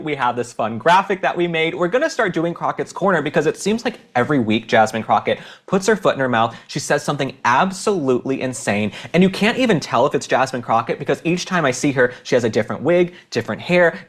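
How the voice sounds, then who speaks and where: A man's voice: a little high, a bit bright. A man from Texas hosting his own podcast, delivering opinionated political commentary in an indignant, emphatic way with sarcastic asides. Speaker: podcast host.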